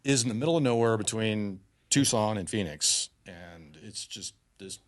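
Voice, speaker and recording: A man talking as a podcast guest, telling stories in an animated, laid-back way and swearing freely. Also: fairly low pitch, normal speed. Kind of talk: casual storytelling.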